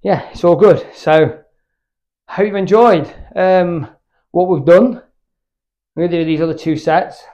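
High-voiced British gym vlogger. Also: male voice, fairly even intonation, takes it slowly, pauses often, dark tone, lo-fi sound. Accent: British English. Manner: candid, rambling, swears freely. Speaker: fitness YouTuber. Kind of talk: casual chat between workout sets. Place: home gym.

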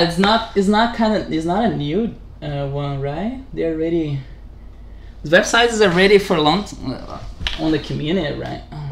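A man hosting a casual vlog, talking haltingly in English, correcting himself and chuckling as he practices a new language. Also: a little high, vocal fry, a bit bright. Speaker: channel host.

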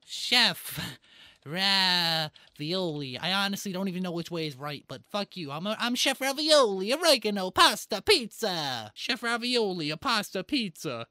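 A man's voice: sits high, sing-song, unhurried, bright, forceful tone, no echo, clean studio sound, full character voice. A man playing a boastful, rambling male Italian chef in a put-on Italian-American accent, chatting on video call. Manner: rambles through food lists, pleased with himself. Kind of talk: comedic character improv on video chat.

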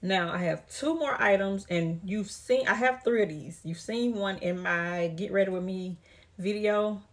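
A woman's voice: medium pitch, measured pace. A woman from the United States, out of breath, chatting casually to her viewers through a try-on haul vlog and calling them "y'all" and "girl.". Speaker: vlogger.

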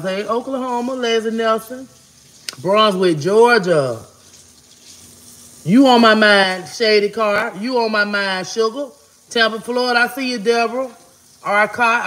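A woman hosting a casual livestream, talking fast and giving shout-outs to viewers as she reads their comments. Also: medium pitch.

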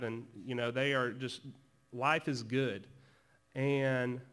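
Male chapel speaker, relaxed conversational sermon, lively storytelling, mid-pitched voice. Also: clean tone. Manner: conversational, animated storytelling with quick asides. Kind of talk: casual sermon. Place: school performing arts center.

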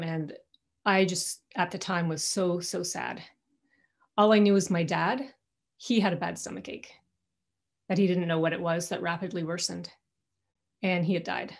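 A woman's voice: lowish voice, fairly even intonation, moderate pace, gravelly, long pauses. A middle-aged woman giving a personal talk to an alumni audience from her home, candid and conversational, often restarting her sentences. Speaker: guest speaker.

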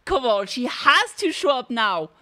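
Female streamer, bright voice, theatrical reactions from shrieks to glum mutters, addressing chat. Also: a little high, big pitch swings, a little slow. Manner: dramatic, swings from squealing shouts to dejected mumbling; chats to viewers. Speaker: full-time streamer. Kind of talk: live gacha-pull reaction stream.

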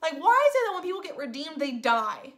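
Woman host, fairly high voice, casual spoiler review, excitable and gushing, filler-heavy. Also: a little fast. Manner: gushing, excitable, says "like" constantly. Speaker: movie reviewer.

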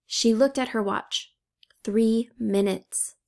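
A woman's voice: mid-range voice, gravelly. A woman reading a children's novel aloud as narrator, giving the characters' lines light, modest voicing. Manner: steady unhurried reading with lightly acted dialogue. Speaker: audiobook reader. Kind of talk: storybook narration.

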